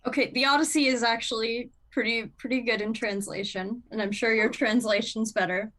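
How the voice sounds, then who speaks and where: A woman player in a tabletop role-playing game, speaking in a wry, low-key way. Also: steady tone, a little fast, a bit bright. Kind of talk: casual tabletop role-play.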